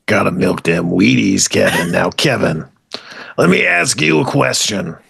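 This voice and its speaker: A man's voice: sits low, animated, measured pace, creaky, fairly bright tone, slightly rough, voice pushed down, heavily acted. A man putting on a brash radio-style character, telling a rambling, mock-dramatic story on a comedy podcast. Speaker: podcast co-host.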